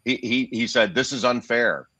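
A man in his fifties from the United States, a basketball analyst talking as an interview guest in a measured, reasoned way with frequent restarts. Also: mid-range voice, sharp tone, slightly rough, no room sound. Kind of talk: interview conversation. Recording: dull lo-fi dry sound.

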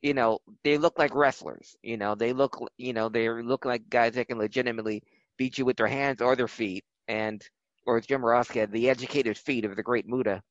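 Relaxed man chatting on a podcast. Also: medium pitch, fairly quick, no echo, muffled recording. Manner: relaxed storyteller, many fillers and restarts. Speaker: wrestling podcast co-host. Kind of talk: casual chat.

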